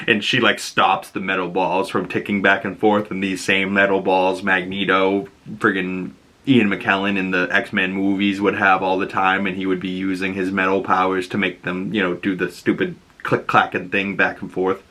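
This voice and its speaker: A man hosts a loose, rambling recap of a cartoon episode, full of fillers and casual swearing. His voice sits a little low but sounds bright and forceful. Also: fairly even intonation, normal speed. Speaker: host reviewing a cartoon episode.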